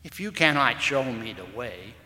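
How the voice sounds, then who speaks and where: A man's voice: medium pitch, animated, moderate pace, bright, forceful tone, roomy sound, big-room sound. A man voicing a persuasive hunter who is a prince, coaxing and assured, in a storybook reading.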